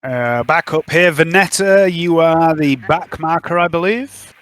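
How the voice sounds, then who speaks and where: A man's voice: a little high, fairly bright tone, no room sound. A man running a tabletop role-playing game, jokey and teasing with his players. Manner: jokey, teasing, quick to laugh. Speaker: game master. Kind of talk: casual tabletop game narration.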